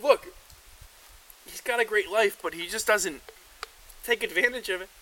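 An animated man chatting on a podcast from a cabin, laughing and swearing as he talks. His voice is high and bright, with a faint hiss in the background. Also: moderate pace, poor audio. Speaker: podcast co-host. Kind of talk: casual podcast chat.

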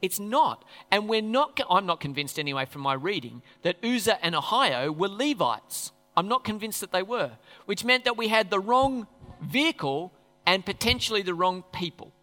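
Bright-voiced male preacher in an echoey hall. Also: sits high, very animated, moderate pace. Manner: conversational, questioning the audience. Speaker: pastor. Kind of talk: sermon.

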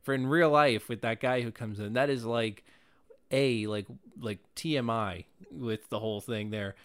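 A co-host in casual chat about a movie, talking fast and opinionated, with many fillers. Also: medium pitch. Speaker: podcast co-host.

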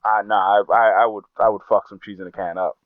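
A man's voice: lowish voice, steady tone, fairly quick, no echo. A man in casual podcast chat, swearing freely and restarting his sentences. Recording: tinny phone-like sound.

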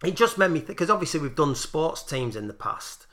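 A man's voice: on the high side, big pitch swings, brisk, a loud crowd. A man with a Lancashire accent co-hosting a casual chat, swearing and riffing on funny names. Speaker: podcast co-host.

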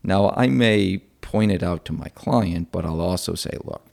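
A man's voice: sits low, unhurried, creaky, darkish tone. A man in his forties from upstate New York, chatting as an interview guest with a self-deprecating, rambling manner. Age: 40s. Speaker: guest, opposition researcher. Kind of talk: conversational interview.

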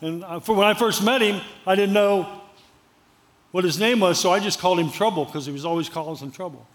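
High-voiced pastor preaching conversationally. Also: male voice, fairly quick. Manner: conversational storytelling, repeats phrases for emphasis. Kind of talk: sermon.

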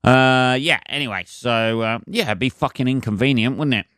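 A man's voice: medium pitch, moderate pace, a bit bright, no room sound, clean studio sound. A man hosting a solo comedy podcast, ranting in a sweary, sarcastic and rambling way. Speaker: podcast host.

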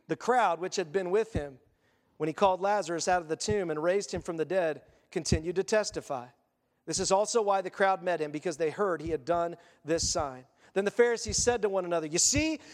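High-voiced man preaching in a hall. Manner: animated storytelling, acting out biblical figures in quick voices. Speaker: pastor. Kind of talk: sermon.

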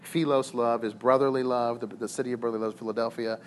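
A man in his thirties preaching a sermon on marriage, animated and full of rhetorical questions and repeated words. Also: mid-range voice, fast, slight background noise. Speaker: pastor.

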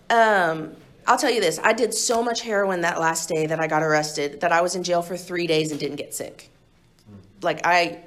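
A woman's voice: on the low side, a bit bright. A young woman candidly telling her own recovery story to a group, blunt and profane and laughing often. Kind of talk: candid personal testimony to a group.

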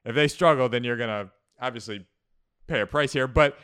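A man's voice: medium pitch, fairly bright tone, clear, resonant tone. A man co-hosting a fantasy football podcast as the numbers-minded analyst, speaking casually and with a wry edge. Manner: wry, quick quips, data-minded. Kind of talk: casual sports chat.

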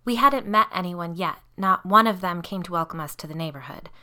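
A woman's voice: fairly low pitch, fairly quick, sharp tone. A woman reading a horror story aloud, voicing a frightened mother who speaks in a heated, emphatic way that keeps rising. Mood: aggrieved. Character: frightened, indignant mother, worn down and angry.

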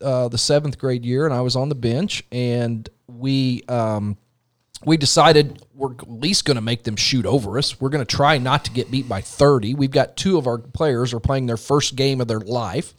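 A man in casual chat, telling a story in a lively way. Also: medium pitch, normal speed.

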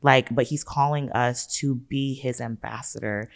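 A man's voice: medium pitch, steady tone, unhurried. A man co-hosting a faith chat who tells his story earnestly, in long runs. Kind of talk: casual faith testimony.

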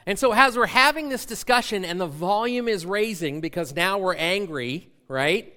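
A man's voice: sits high, moderate pace, pushed and bright. A man in his forties, a pastor, preaching a sermon by telling a self-mocking personal story and acting out the dialogue.

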